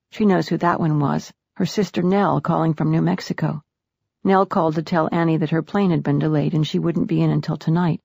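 A woman narrating a story in a measured, intimate audiobook reading. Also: sits low, gravelly, a little mellow, slightly rough, no room sound, studio quality. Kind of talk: scripted narration.

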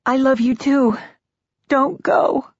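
A woman reading the lines of a grieving new widow, tearful and pleading, raised in pitch. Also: steady tone, unhurried, gravelly, no room sound, dull audio, full character voice. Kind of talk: audiobook character voice.

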